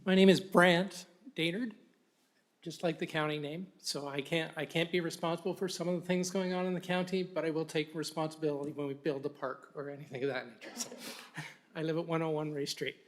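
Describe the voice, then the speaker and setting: Man, council meeting resident, wry, questioning, slightly high voice. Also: fairly even intonation, fairly quick. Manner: joking, questioning. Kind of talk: public comment. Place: council chamber.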